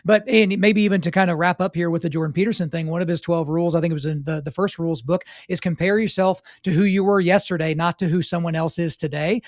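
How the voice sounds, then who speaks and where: A man hosting a podcast in casual interview chat, an animated storyteller who acts out the voices he quotes. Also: fairly high pitch, quick pace, hardly any pauses, no echo, studio quality. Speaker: podcast host.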